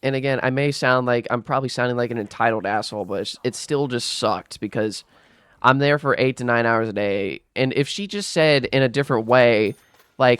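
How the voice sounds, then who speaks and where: A man's voice: medium pitch, fairly quick, a bit bright, smooth, no echo. A young man telling a rambling, aggrieved storytime rant while gaming, swearing and restarting his sentences often. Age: young adult. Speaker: gaming vlogger.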